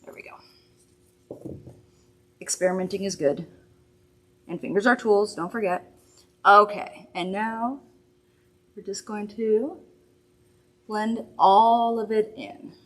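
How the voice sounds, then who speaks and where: A woman's voice: medium pitch, steady tone, slow, long pauses, a bit bright. A woman hosting a live makeup demonstration from a studio, chatty, upbeat and reassuring as she works. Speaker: makeup host.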